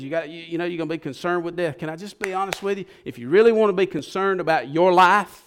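A man preaching a sermon as pastor, folksy and impassioned, swinging from hushed lines to loud ones. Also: a little high, quick pace, few pauses, clean tone.

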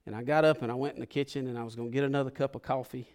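A man's voice: medium pitch, fairly even intonation, racing. Emotional preacher, man. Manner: emotional, conversational preaching that swings from hushed to fervent. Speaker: pastor. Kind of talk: sermon.

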